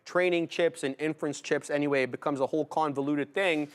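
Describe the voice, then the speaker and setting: A man's voice: a little high, fairly even intonation, quick pace, clean tone. A man co-hosting a live trading stream, talking casually and slangy as he thinks aloud about his trades. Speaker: day trader co-host.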